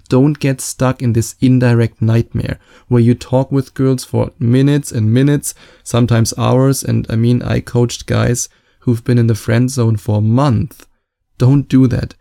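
A man with a very dark, gravelly voice hosts a solo podcast and gives dating advice. He coaches in an emphatic, repeating manner and presses every point home. The recording is dry and close. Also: mid-range voice, steady tone, moderate pace, dry recording. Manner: emphatic, repetitive coaching delivery.

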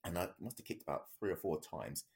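A man's voice: deep voice, lively intonation, a little fast, vocal fry. A man, a podcast co-host, telling a story in a rambling, casual way with many fillers and restarts.

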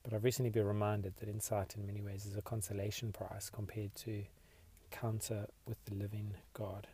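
A man hosting a podcast, leading listeners in a slow, reflective devotional meditation. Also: lowish voice, level tone, a little hiss or hum. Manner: slow, reflective, soft-spoken. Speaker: podcast host.

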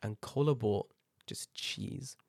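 A man's voice: medium pitch, slow pace, vocal fry, no echo, studio quality. A man co-hosting a podcast in casual chat, rambling and swearing as he tells stories. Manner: rambling, swears a lot, animated storytelling. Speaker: podcast co-host.

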